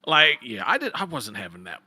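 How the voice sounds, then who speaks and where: Lively bright-voiced guy who laughs a lot. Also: medium pitch, brisk, no echo. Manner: laughs often, animated storytelling. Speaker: stream co-host. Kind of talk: casual live stream chat.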